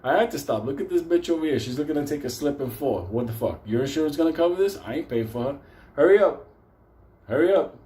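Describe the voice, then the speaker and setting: A man's voice: fairly high pitch, lively intonation, fast talker, few pauses, mellow, lightly acted. A man putting on a brash, cocky teen driver. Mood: indignant. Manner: defiant, dismissive, profane.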